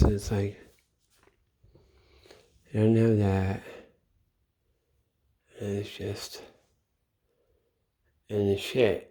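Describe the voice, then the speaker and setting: A middle-aged man giving a rambling late-night monologue, swearing often and trailing off into low mutters. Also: fairly even intonation, takes it slowly, pauses often, darkish tone. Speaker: channel host. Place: home at night.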